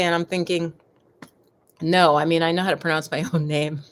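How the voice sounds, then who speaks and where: A woman's voice: sits low, steady tone, normal speed. A middle-aged woman hosting a live stream on yoga and meditation, chatting casually and wandering off on tangents, often calling her viewers "you guys.".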